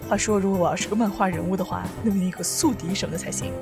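A woman's voice: medium pitch, very fast, vocal fry, music in the background, close to an everyday voice. A woman doing a hapless comic-book hero. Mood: comic dismay. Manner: exaggerated comic dub delivery.

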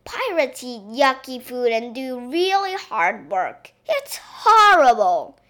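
A woman voicing a naughty little girl princess who plays pirate, pouty and excitable. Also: a little high, slow pace, heavily acted. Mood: pouty excited.

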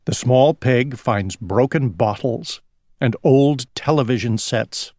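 A man reading a children's story aloud slowly for English learners, drawing words out. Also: medium pitch, no room sound, studio quality. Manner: slow, lively, drawn-out reading. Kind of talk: slow storybook read-aloud.

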